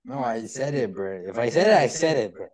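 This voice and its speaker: Young man, podcast co-host, defensive banter, lively up-and-down voice. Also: medium pitch, fairly quick, a crowd in the background. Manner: defensive, insistent, says bro a lot. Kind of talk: casual podcast chat.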